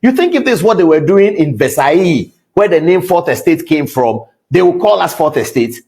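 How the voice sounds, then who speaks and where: A Ghanaian man on a TV news show, indignant and scolding as he fires off rhetorical questions. His voice is a little husky, and his pitch leaps widely from line to line. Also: expressive, moderate pace, darkish tone. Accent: Ghanaian English. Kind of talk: heated commentary.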